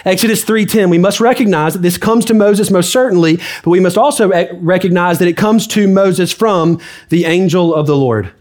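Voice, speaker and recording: A man's voice: high voice, normal speed, a little mellow. A man preaching a sermon as pastor, emphatic and repetitive. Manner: emphatic preaching with repeated phrases. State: out of breath.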